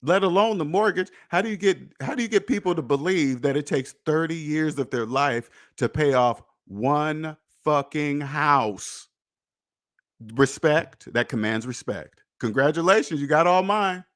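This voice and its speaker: A man hosting a personal finance podcast in an emphatic, preachy monologue, repeating points and swearing, swinging between loud jabs and low muttered asides. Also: unhurried. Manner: emphatic, preachy, repetitive, with profanity. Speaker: podcast host.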